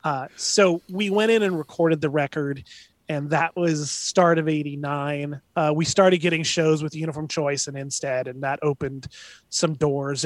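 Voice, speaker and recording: Being interviewed, a band member with a slightly high voice tells stories in a chatty, animated way, doing put-on voices in his anecdotes. The recording has no room sound.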